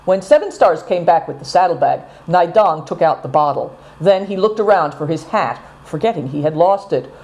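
A woman reads a storybook aloud with dramatic, expressive delivery. Her voice sits low and mellow, rising and falling in wide, lively arcs. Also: moderate pace, few pauses. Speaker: audiobook narrator. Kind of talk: scripted storybook narration.

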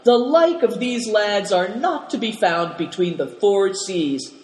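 A cheerful, boastful companion cries out his lines, voiced by a man. The voice climbs high and rings out into a big, reverberant space. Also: expressive, a little slow. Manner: loud, exclaiming. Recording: roomy with long reverb.

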